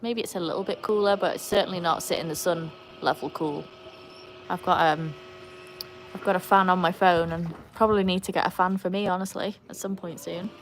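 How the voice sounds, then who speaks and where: A woman with an English accent hosting a casual live stream outdoors in the shade, chatting to viewers and jumping to high, excited tones when she calls to her dogs. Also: brisk, slight background noise, poor audio.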